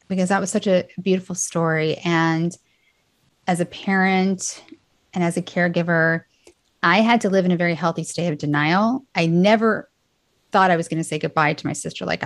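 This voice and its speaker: A woman's voice: on the low side, steady tone, moderate pace, gravelly, no echo. A woman hosting a podcast interview, talking in a conversational, openly emotional way. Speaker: podcast host.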